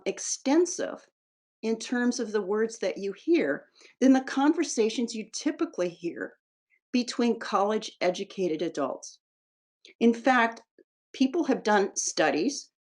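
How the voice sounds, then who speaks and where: A woman with a scratchy voice and occasional coughs, presenting an educational webinar lecture in a measured, explanatory way. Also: mid-range voice.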